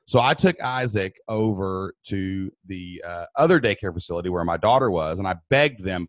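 A man with a somewhat low voice tells a personal story as an interview guest, earnest and emphatic. He acts out the voices of the people in it. The sound is dry and close, with little room. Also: animated, moderate pace, few pauses, no room sound. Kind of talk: emotional first-person storytelling.

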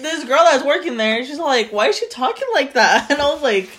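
A young woman co-hosting a podcast, telling a story in casual chat, animated, laughing and swearing freely. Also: sits high, moderate pace, few pauses, noisy background. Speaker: podcast co-host.

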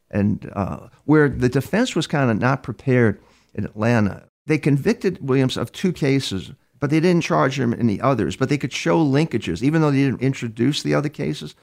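Gravelly older man recounting cases. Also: medium pitch. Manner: anecdotal, with many restarts. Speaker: criminal profiler guest. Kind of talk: interview storytelling.

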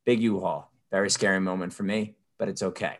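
A man co-hosting a podcast, telling a story with lively asides and mocking impressions of people. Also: fairly quick. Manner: animated storyteller, mimics people in high voices. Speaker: podcast co-host. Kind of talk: casual chat.

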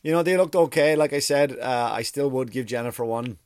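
A man's voice: mid-range voice, a little fast, a little mellow. A male comedian riffing in a loose, rambling monologue, peppering it with swearing and constant "like" and "you know". His voice sits in a middle register and sounds dry and close, with no room echo. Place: workspace across from a school.

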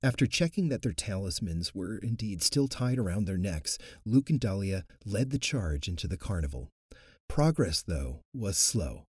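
Male audiobook narrator, expressive, husky, low voice, dry studio sound. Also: moderate pace, no echo. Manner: expressive, animated.

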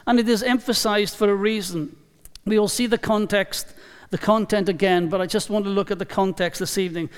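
A man preaching a sermon in a church, emphatic and deliberate, repeating key phrases for weight. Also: high voice, clean tone. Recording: long reverb of a large hall.

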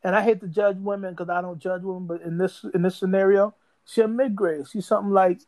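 A man's voice: high voice, steady tone, quick pace, a little mellow. A man co-hosting a podcast in casual chat, rambling and repeating words, full of slang. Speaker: podcast co-host.

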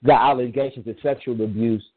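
Man, casual chat, rambling and emphatic, phone-line audio, average pitch. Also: steady tone, brisk, slightly rough. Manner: rambling, emphatic storytelling with frequent restarts. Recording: tinny phone-line sound.

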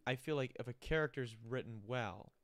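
A man hosting a podcast, reflective and quick with short reactions. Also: mid-range voice, dry recording. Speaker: podcast host. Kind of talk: casual podcast chat.

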